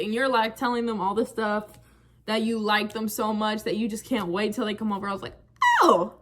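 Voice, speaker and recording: A young woman telling a frank, animated storytime to her viewers, full of slang and "like". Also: mid-range voice. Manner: animated, frank, slangy, many fillers like "like" and "bro". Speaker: vlogger. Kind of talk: casual storytime chat.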